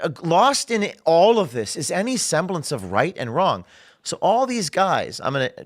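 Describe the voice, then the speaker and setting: A man guest on a talk show, telling stories in an animated way and acting out what others said. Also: a little high, dry recording, studio quality. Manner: animated storyteller, acts out quotes. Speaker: guest, undercover journalist.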